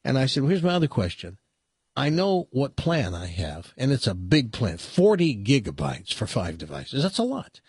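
Man, husky voice, lively pitch swings, exasperated storytelling, dry close sound. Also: moderate pace, no echo. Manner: exasperated, animated complaining. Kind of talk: casual storytelling, ranting.

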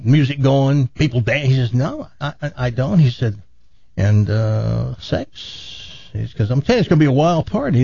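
A man hosting a radio talk show, telling a long joke in a casual, animated way, his jaw sore after dental work. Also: medium pitch, vocal fry, slightly rough, dry recording, dull audio. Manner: animated joke-telling, laughs at own story.

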